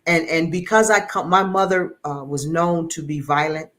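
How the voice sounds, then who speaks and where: A man's voice: fairly high pitch, moderate pace, pushed and bright. A middle-aged man giving an earnest, emotional personal testimony as an interview guest, often repeating words as he searches for them.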